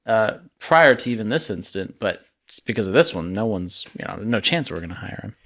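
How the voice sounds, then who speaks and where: A man with a low voice lays out his points steadily on a podcast. He fills his pauses with "uh" and "um" but keeps an even, measured pace. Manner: measured, many "uh" and "um" fillers. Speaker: podcast co-host. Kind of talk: casual discussion.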